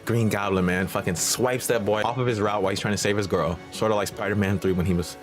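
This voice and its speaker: A man's voice: fairly low pitch, steady tone, fast talker, over music. A man hosting a movie reaction channel, recapping the plot in a casual, slangy, profane way. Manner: slangy, profane, streetwise banter.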